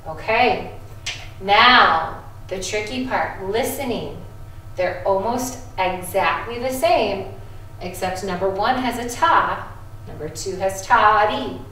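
Slow, encouraging woman music teacher. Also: medium pitch, fairly bright tone, a little hiss or hum. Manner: slow, encouraging, chanting rhythms. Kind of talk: video music lesson for children. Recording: echoey room, voice from a distance.

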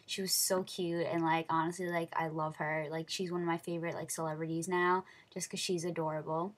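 A teenage girl telling an excited story in a casual vlog, gushing and full of fillers. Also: sits low, a little fast. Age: teens. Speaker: vlogger.

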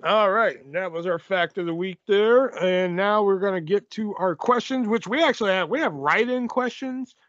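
A man's voice: high voice, moderate pace, hardly any pauses, a bit bright, no echo. A man hosting a casual podcast, loose and joking. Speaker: podcast host. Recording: dull, dry lo-fi audio.

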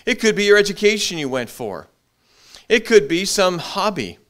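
A middle-aged man preaching a sermon as pastor, animated, repeating his words as he builds. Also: high voice, normal speed. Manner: animated preaching, acts out short quoted voices, frequent repeated words.

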